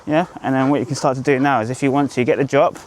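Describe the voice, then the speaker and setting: A man's voice: medium pitch, fairly even intonation, fast talker. A man working as a dog trainer, coaching an owner outdoors on a group walk. He is upbeat and encouraging, with sing-song praise for the dog.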